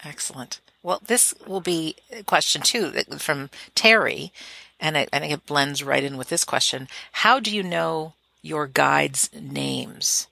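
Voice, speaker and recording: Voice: mid-range voice, animated, measured pace, creaky, pushed and bright, dry recording. An interview host reading out listener questions.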